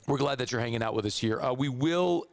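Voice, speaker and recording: A hoarse man with a Southern accent hosting a sports radio show, chatty and rambling. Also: medium pitch, quick pace, no room sound. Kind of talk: casual sports radio talk. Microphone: studio microphone.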